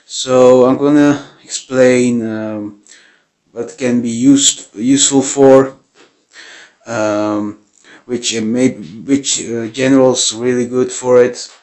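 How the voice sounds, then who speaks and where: A man hosting his first gaming video, giving game tips in a nervous, apologetic way with many halting fillers. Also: mid-range voice, fairly even intonation, darkish tone. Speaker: gaming channel host.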